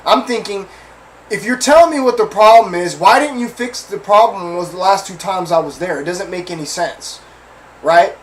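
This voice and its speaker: High-voiced male host, casual storyteller, chatty and slangy with listeners. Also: moderate pace, fairly bright tone, slight background noise, rough recording.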